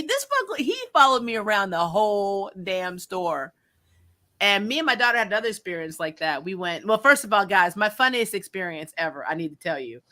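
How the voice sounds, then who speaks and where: A woman hosting a casual chat, telling animated stories and acting out what other people said. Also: on the low side. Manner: animated storytelling, frequent laughter, acted-out quotes. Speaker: show host.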